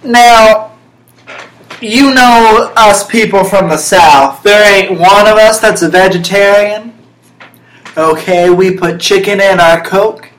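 A woman's voice: mid-range voice, takes it slowly, a little hiss or hum, pitched above the performer's own voice, natural voice. A woman doing a comedy impression of a brash older Southern woman TV cook, talking in a folksy, bossy drawl. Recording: roomy echoey room.

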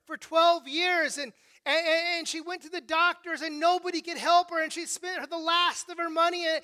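An emphatic preacher delivers a sermon, frequently asking "right?" and starting phrases over. The voice is high and bright. The delivery swings between hushed and raised passages. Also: fairly even intonation, normal speed. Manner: emphatic, with frequent rhetorical "right?" checks and repeated restarts.

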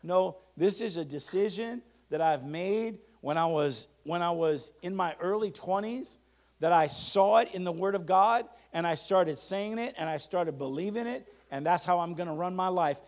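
A pastor preaching a sermon, leading the congregation in call-and-response and reading declarations slowly and emphatically. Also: male voice, high-pitched.

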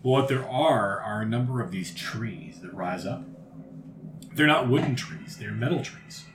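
A man's voice: on the low side, measured pace. A man running a tabletop game as game master, narrating scenes in vivid detail with frequent fillers. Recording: roomy recording with steady background noise.

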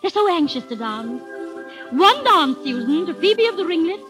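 A woman's voice: extremely high pitch, very animated, moderate pace, low-quality recording. An actress playing a weary spinster in her thirties who longs for her lost youth, speaking with theatrical emotion. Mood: girlish. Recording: music under the scene.

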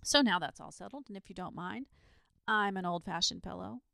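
A woman's voice: medium pitch, a little fast, creaky, sharp tone, dry recording, clean studio sound. A woman voicing a polite, fussy, lazy male dragon in a children's storybook, speaking in a genteel, self-assured way. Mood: cheerful.

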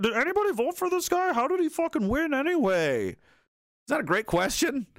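A man's voice: very high-pitched, a little fast, no room sound, clean studio sound. A man hosting a livestream, reading chat comments and ranting casually in a profane, sarcastic way. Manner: profane, sarcastic, animated, slips into mocking voices.

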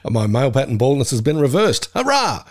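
A man's voice: medium pitch, very animated, a little fast, darkish tone, slightly rough. A man co-hosting a podcast, bantering in a wry, joking way. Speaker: podcast co-host. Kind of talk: casual podcast chat.

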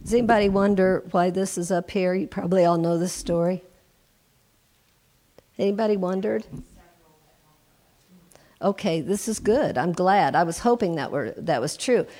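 A woman's voice: fairly low pitch, moderate pace, pauses often, warm tone. A woman in her sixties preaching as a guest, talking to the congregation in a conversational way and breaking off for asides. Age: 60s. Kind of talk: sermon.

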